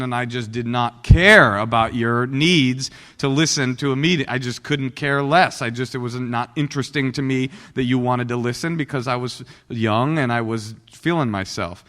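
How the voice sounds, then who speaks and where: A man in his forties from Oakland gives a personal recovery talk to a live audience. He tells it as a joking, self-deprecating storyteller at a middle pitch. The voice carries a long reverb from a meeting hall. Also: normal speed, sharp tone. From Oakland, California. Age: 40s. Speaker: guest speaker at a recovery meeting.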